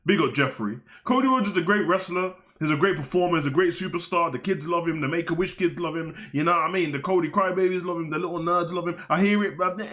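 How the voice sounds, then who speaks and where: High-voiced man ranting. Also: fast, hardly any pauses, fairly bright tone. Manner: slangy, heated, rambling rant. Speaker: wrestling show host. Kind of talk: ranting casual commentary.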